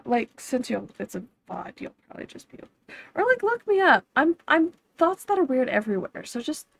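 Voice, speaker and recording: A woman streamer chatting casually while playing a game, giggly and trailing off with ums. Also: on the high side. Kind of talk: casual gaming stream chat.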